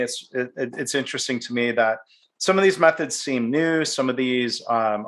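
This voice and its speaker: A man's voice: medium pitch, fairly bright tone. A middle-aged man hosting a podcast interview, chatty and easygoing, often restarting his words and laughing lightly. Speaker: podcast host. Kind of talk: conversational interview.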